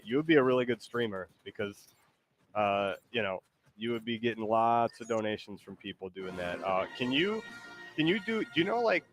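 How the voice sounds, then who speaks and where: A man's voice: medium pitch, a bit bright. A man streaming a game, chatting casually in a rambling, hesitant, playful way. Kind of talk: casual chat while gaming.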